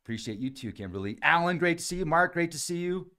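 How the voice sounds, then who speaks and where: A man's voice: fairly high pitch, animated, quick pace, bright, forceful tone. A man hosting a podcast livestream, chatting casually, reading viewer comments aloud and addressing people by name. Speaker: podcast host reading live chat comments.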